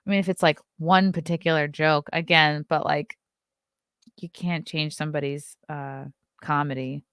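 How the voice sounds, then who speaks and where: A woman's voice: low-pitched, steady tone, moderate pace, fairly bright tone, clear, resonant tone, dry recording, studio quality. A woman from Long Island with a Long Island accent, hosting a casual morning show, reading headlines aloud and riffing on them bluntly and sarcastically. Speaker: host. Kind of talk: casual morning livestream chat.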